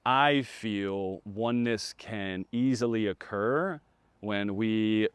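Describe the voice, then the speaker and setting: A man hosting a podcast, thinking aloud in a reflective, animated way during a casual interview. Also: fairly low pitch, slow, smooth, no room sound. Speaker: podcast host.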